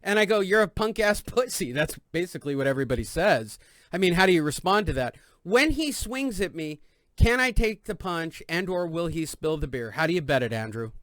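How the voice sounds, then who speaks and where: East la guy hosting a boxing show, loud and jokey, bright forceful voice, dry close mic. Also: a little high, fairly quick, dry recording. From East Los Angeles. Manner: loud, joking, animated storytelling. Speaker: podcast host. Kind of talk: casual boxing chat.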